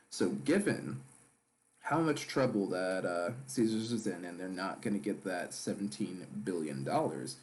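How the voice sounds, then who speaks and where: Low-voiced man hosting a live stream. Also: a little mellow. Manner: chatty, reads and greets live chat. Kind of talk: casual live stream commentary.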